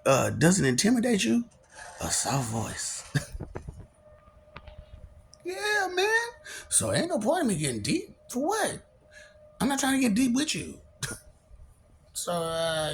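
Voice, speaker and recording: Soft-voiced young guy rambling to himself, lots of laughs, gravelly edge, pitch all over the place. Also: huge pitch swings, takes it slowly, long pauses, slight background noise. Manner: laughing often, talks to himself and back to imagined listeners. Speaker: vlogger. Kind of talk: rambling casual monologue.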